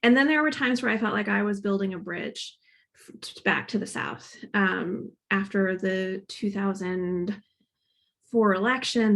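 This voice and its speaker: A woman in her thirties with a Midwestern accent carrying a slight Boston inflection speaks as a guest author. Her mid-pitched voice has a steady gravelly fry. She talks in a candid, reflective way, thinking aloud with plenty of "um" and "like.". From Northern Kentucky. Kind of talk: casual conversational talk at a library author event.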